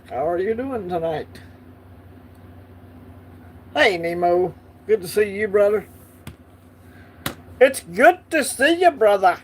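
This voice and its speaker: A man with a Southern US accent hosts a laid-back livestream, chatting easily and responding to viewer comments as they arrive. His voice is high-pitched, with a slight hiss or hum in the audio.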